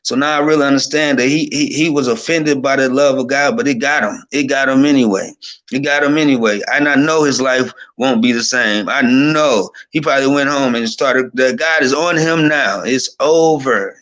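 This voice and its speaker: A man's voice: medium pitch, normal speed, a bit bright. A man telling an emotional personal testimony as a guest, fervent and overwhelmed, often restarting his sentences.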